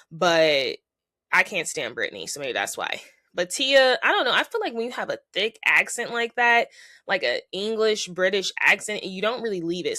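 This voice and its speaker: A woman's voice: lowish voice, bright, forceful tone, no room sound, clean studio sound. A woman hosting a podcast, talking in a chatty, opinionated way with lots of fillers. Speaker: podcast host. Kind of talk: casual chat.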